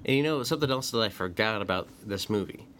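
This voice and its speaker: A man's voice: lowish voice, animated, fast, fairly bright tone. A man casually discussing a movie as a podcast co-host, chatty and talkative. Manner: chatty, quotes scenes with put-on voices. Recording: faint background noise.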